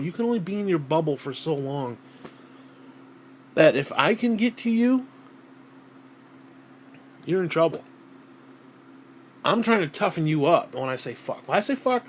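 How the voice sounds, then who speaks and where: A man ranting to camera in a vlog, blunt and heavy on swearing, sighing and clearing his throat between thoughts. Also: fairly high pitch, a little hiss or hum. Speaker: vlogger. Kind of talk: profane personal rant to camera.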